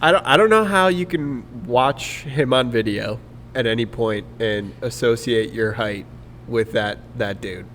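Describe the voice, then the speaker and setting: Host, mid-pitched man, playful and teasing, long room reverb. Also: unhurried, fairly bright tone, a little hiss or hum. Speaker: podcast host. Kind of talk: casual chat.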